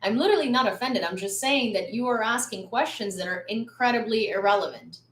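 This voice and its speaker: A woman's voice: a little high, fairly quick. A woman hosting a casual news livestream from a room at home, chatty with lots of fillers and blunt when she lectures. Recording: roomy echo.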